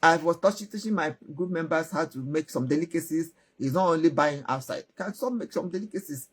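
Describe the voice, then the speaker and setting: Husky Nigerian woman giving advice. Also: deep voice, fairly quick. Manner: animated, repeats words, asks the listener questions. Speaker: relationship advice speaker. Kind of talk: storytelling advice talk.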